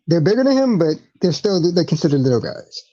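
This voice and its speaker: A man's voice: a little high, big pitch swings, brisk, mellow, lo-fi sound. A man co-hosting a casual wrestling podcast, chiming in with laid-back comments. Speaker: podcast co-host.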